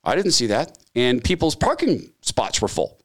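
Middle-aged male host, chatty storyteller, lively intonation, acts out the dialogue. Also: mid-range voice, moderate pace. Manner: lively anecdotes, acting out dialogue. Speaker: podcast host. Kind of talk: casual storytelling chat.

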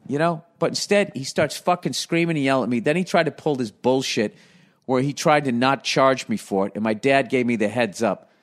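A man's voice: medium pitch, a little fast. A middle-aged man with a profane, ranting, self-deprecating manner, telling a casual comedic story.

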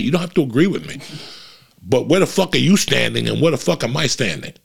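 Animated and quick, a middle-aged man, a comedian hosting his podcast, fires off a blunt, profane motivational rant in a gravelly mid-range voice.

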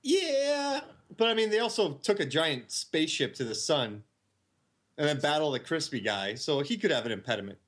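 A man chatting casually as a podcast co-host, joking and acting out quick impressions. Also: a little high, big pitch swings, a bit bright. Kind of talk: casual chat. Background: other men talking and laughing.

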